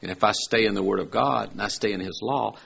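A man's voice: fairly low pitch, fast talker, gravelly, a bit bright, slightly rough, dull audio. A man preaching a sermon in a conversational way, full of rhetorical questions and everyday examples, rising to emphatic peaks.

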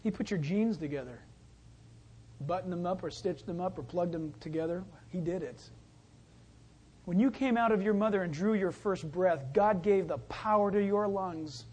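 This pastor's sermon unfolds as relaxed storytelling, complete with acted-out voices for the figures he describes. He speaks at a normal speed in a high, husky voice with a darkish tone.

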